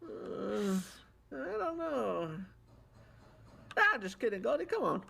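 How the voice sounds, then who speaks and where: A woman's voice: on the high side, big pitch swings, slow, gravelly, fairly bright tone, breathy edge, exaggerated voice. A woman voicing a secretive frontier man in a western roleplay game, wary and questioning. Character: secretive frontier man guarding his stash.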